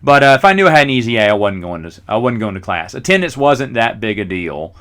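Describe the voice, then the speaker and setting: A man's voice: medium pitch, sing-song, fast, fairly bright tone. A middle-aged man hosting a podcast, telling rambling, self-mocking stories in a casual way. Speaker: podcast host. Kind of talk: casual storytelling.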